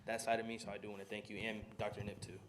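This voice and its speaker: A man's voice: fairly low pitch, little pitch movement, racing, noisy background. A man student on a school board meeting panel. He speaks hesitantly and stumbles over his words. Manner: hesitant, stumbling, self-admitted stutter. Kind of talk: meeting discussion.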